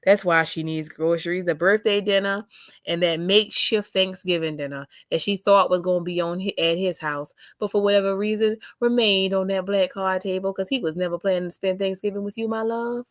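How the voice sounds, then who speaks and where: A sassy young woman reads chat comments on her livestream, drawling out asides. Her voice sits at a middle pitch. The mic is close and dry. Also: steady tone, a little fast, no room sound.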